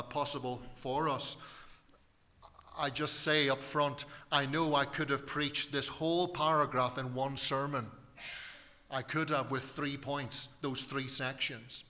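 A man's voice: mid-range voice, bright, forceful tone, in a large hall. A man preaching a sermon in church, emphatic and repeating key phrases for weight.

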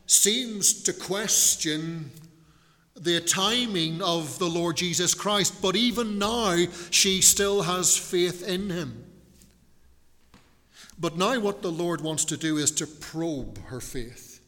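Man, preacher, unhurried Bible teaching, slightly high voice, long hall reverb. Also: sharp tone. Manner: slow and deliberate, with restarts and rhetorical questions.

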